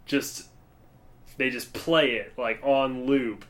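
A man's voice: medium pitch, steady tone, takes it slowly. Rambling young man in casual chat. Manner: rambling, filler-heavy, laughs often. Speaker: podcast co-host.

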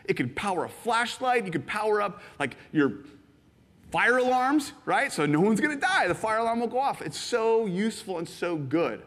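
A man preaching a sermon, animated and playful, acting out little scenes and jumping into excited voices for the people in his stories. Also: normal speed, long reverb tail. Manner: animated, jumps into high excited voices when quoting. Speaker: pastor. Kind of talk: sermon with acted-out illustrations.

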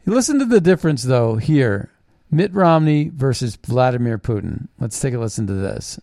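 A man's voice: mid-range voice, very animated, moderate pace, warm tone, no echo, clean studio sound. Blunt, scornful man hosting political commentary. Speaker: host.

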